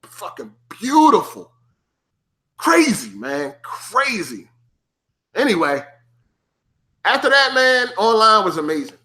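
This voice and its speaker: A man streaming, telling a gaming story casually, with heavy slang and cursing, acting out his younger self in a higher, excited voice. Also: slow pace, pauses often.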